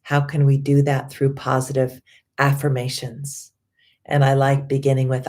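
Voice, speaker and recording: A middle-aged woman life coach guiding affirmations and breathing in a slow, soothing way, with many repeated phrases. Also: a bass voice, level tone, darkish tone. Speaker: life coach and yoga teacher.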